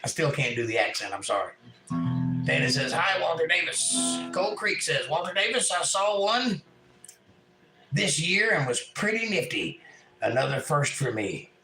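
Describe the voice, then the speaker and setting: Male host, higher voice, jokey chat reader; roomy sound, guitar music behind. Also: very animated, moderate pace, sharp tone. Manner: jokey, reads chat messages aloud with puns. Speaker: livestream host reading chat. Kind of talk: casual chat. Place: home.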